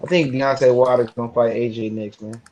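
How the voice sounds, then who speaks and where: A man's voice: medium pitch, fairly even intonation, fairly quick, darkish tone, muffled recording, slight background noise. A man in a barbershop debate, confident and emphatic. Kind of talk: casual debate chat.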